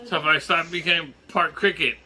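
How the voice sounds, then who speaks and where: A man from Hawaii with a Hawaiian accent, vlogging casually in a jokey, excitable way, swearing and laughing as he talks. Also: fairly high pitch, moderate pace. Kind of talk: casual vlog.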